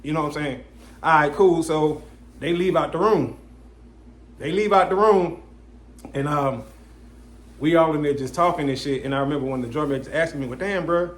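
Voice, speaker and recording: A man's voice: on the high side, normal speed, long pauses, echoey room. A young man hosting a podcast, telling a story in casual chat and acting out the people in it. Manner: animated, quotes people in his story, frequent "you know what I'm saying". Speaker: podcast host.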